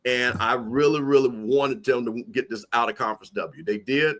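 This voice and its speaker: A man's voice: mid-range voice, normal speed, fairly bright tone. A man with a Mississippi accent, co-hosting a sports talk show, emphatic and prone to repeating himself when he makes a point. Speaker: co-host and football analyst.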